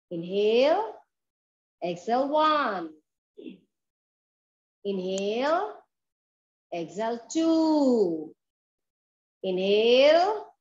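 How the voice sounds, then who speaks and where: A woman's voice: sits high, darkish tone. A woman with an Indian English accent leading a children's yoga class, giving encouraging instructions and counting breaths aloud. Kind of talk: guided fitness class for kids. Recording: dull, roomy sound with faint background noise.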